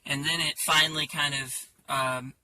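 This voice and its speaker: A man talking casually about his songs in a halting way, with many fillers and restarts. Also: a little high, steady tone, bright, forceful tone, distant mic, a little hiss or hum. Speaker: songwriter.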